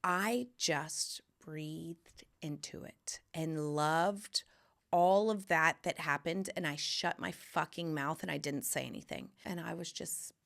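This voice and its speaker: A woman hosting her own podcast, telling a candid, profanity-laced personal story in a casual, animated way. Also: lowish voice, creaky. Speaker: podcast host. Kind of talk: casual solo podcast chat.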